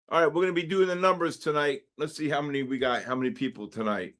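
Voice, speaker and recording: A man hosting a live trading stream, talking excitedly through charts, exclaiming and repeating himself. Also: a little high, quick pace, few pauses. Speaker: trading livestream host.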